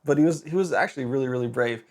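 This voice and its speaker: A middle-aged man hosting a podcast, telling a story in a casual, conversational way with quick restarts and lively emphasis. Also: medium pitch. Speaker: podcast host.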